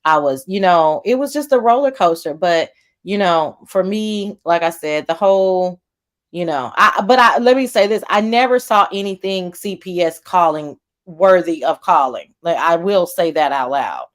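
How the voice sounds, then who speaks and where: A woman's voice: lowish voice, animated, normal speed. Woman livestream host, blunt, questioning, casual commentary, swears.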